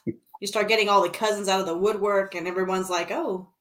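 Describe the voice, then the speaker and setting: A woman's voice: medium pitch, fairly even intonation, brisk, a bit bright. A woman in a casual podcast chat, teasing the others and laughing often.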